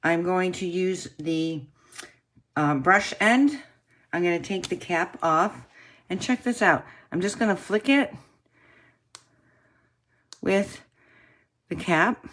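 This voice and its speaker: A woman casually demonstrating card-making techniques, chatting to viewers and often clearing her throat. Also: lowish voice, takes it slowly, pauses often, a bit bright. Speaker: craft demonstrator.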